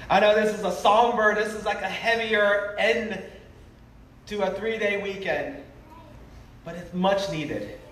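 A man's voice: sits high, fairly even intonation, a little slow, long pauses, fairly bright tone. A man preaching an emotional revival sermon, earnest and pleading, drawing out his phrases tenderly. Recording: roomy, distant live sermon audio with faint noise.

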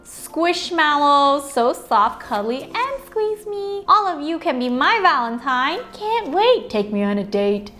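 Her high-pitched, slightly bright voice carries a toy unboxing video she's hosting. She's playful and bubbly, talking as she unwraps each item and occasionally voicing the toys in silly ways.

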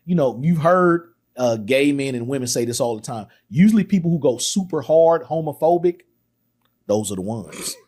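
A man hosting a podcast, excitedly retelling a film's scenes in casual talk, acting out the lines. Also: medium pitch, moderate pace. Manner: excited retelling with acted quotes, laughs often. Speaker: podcast host. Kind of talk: casual film discussion.

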